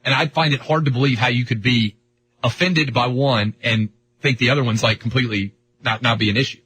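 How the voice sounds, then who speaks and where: A man's voice: medium pitch, brisk, pushed and bright, husky, low-quality recording. A man hosting a sports talk radio show, bantering and firing off joking questions. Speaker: radio host.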